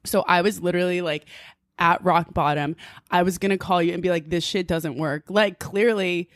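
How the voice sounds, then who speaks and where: A woman from New Jersey, a podcast guest, telling a story in a casual, animated way, full of "like" and quick laughs. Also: lowish voice, dry recording, studio quality. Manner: animated, filler-heavy with frequent "like", laughs often.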